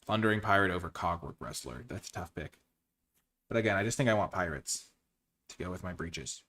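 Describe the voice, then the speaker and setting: A man's voice: low voice, lively intonation, fairly quick, a bit bright, slight background noise. A man giving casual commentary as he drafts cards, thinking aloud and weighing his choices. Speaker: card game streamer.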